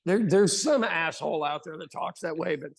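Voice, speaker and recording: An American man co-hosting a podcast, chatting casually and telling stories with animated acted-out quotes. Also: on the high side, moderate pace, creaky. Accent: General American. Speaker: podcast co-host. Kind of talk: casual chat.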